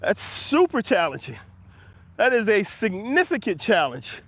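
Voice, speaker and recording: A man's voice: sits high, wildly swooping pitch, measured pace, a bit bright, husky. A man hosting a live motivational walk-and-talk, slightly out of breath from walking outdoors and energetically encouraging his viewers and answering their comments. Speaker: motivational livestream host. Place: outdoors on an early-morning walk. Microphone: handheld camera while walking.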